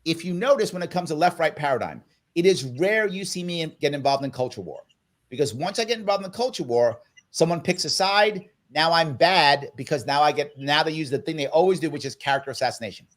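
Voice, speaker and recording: A political guest in an interview makes his points emphatically and persuasively. His voice is fairly high, animated, brisk, and a bit bright.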